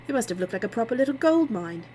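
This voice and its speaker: A woman's voice: fairly high pitch, sing-song, fast, mellow, slight background noise, voice pushed up. A woman voicing a scornful, sneering man.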